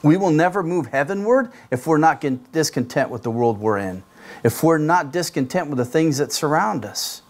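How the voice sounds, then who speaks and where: Man, middle-aged, pastor, conversational sermon, slightly high voice, rhetorical questions. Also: animated, moderate pace.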